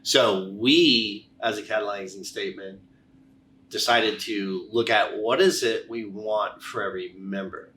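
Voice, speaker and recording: Low-voiced man telling stories, distant mic. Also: measured pace. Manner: animated anecdotes, repeated word restarts. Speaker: chiropractor, podcast guest. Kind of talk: casual conversational storytelling. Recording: distant mic with faint background noise.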